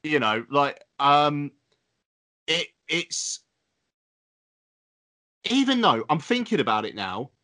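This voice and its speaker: A man's voice: a little high, very animated, slow pace, pauses often, bright, forceful tone. A man co-hosting a podcast, rambling and emphatic in casual banter, swearing freely. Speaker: podcast co-host.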